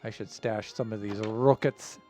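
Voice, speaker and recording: A man streaming a game live, talking in an easygoing, rambling way with lots of fillers and soft chuckles. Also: on the low side, fairly even intonation, unhurried, faint music behind.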